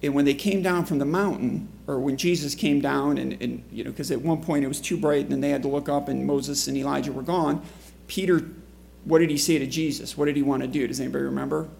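Gravelly-voiced man preaching conversationally. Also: medium pitch, steady tone, fast, a little mellow, a little hiss or hum. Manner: conversational, asks the congregation questions. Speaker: pastor. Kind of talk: sermon. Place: church before a congregation.

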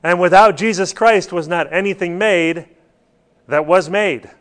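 A man's voice: sits high, unhurried, fairly bright tone. A man preaching a sermon, stressing points and putting questions to his listeners. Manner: rhetorical questions to the congregation, emphatic.

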